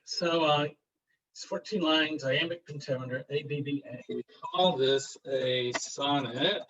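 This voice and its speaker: A man lecturing a university literature class in a rambling, wry way, reading verse aloud slowly. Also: medium pitch, fairly bright tone. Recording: dull lo-fi classroom recording.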